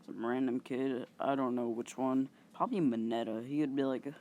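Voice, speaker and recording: A male channel host casually improvising a story, halting and rambling with many fillers and some mild swearing. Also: medium pitch, mellow.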